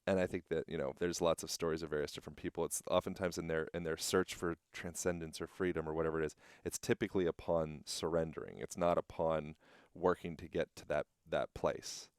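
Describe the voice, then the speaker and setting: A man's voice: extremely low pitch, fairly even intonation, fairly quick, few pauses, clean tone, no echo, studio quality. A man hosting a podcast outdoors, musing and thinking aloud in a casual, rambling way. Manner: musing, rambling, uses fillers like "like". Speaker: podcast host. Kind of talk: casual reflective conversation.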